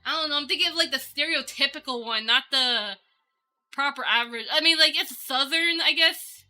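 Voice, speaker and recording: A woman's voice: high-pitched, moderate pace, bright, forceful tone. A woman streamer chatting casually and bubbly with her viewers, giggling often. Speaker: VTuber streamer. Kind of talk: casual livestream chat. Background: faint background music.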